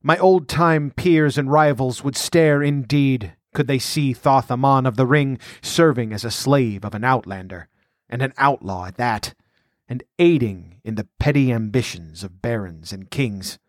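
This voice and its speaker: A menacing fallen sorcerer turned slave, as a man reads him, growling low with bitterness and buried hatred. The voice is dry and close. A storybook villain who mutters threats under his breath. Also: a little slow, no room sound, close to an everyday voice. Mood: resentful.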